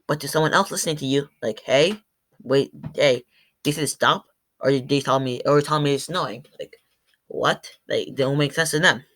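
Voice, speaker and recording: A man's voice: fairly high pitch, brisk, pushed and bright. A teenage boy giving a rambling, informal school presentation, restarting his sentences often. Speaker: student presenter.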